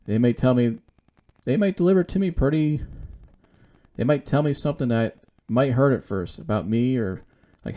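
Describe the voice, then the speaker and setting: A man's voice: medium pitch, moderate pace, mellow. A man hosting his own show, talking alone in a casual, rambling and blunt way that circles back on itself. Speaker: podcast host. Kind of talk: casual solo monologue.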